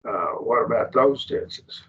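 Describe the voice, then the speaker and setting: A man teaching a Bible study class, lecturing slowly with restarts and rhetorical questions, recorded by a distant mic in a church classroom. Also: medium pitch, a bit bright, dull audio, slight background noise.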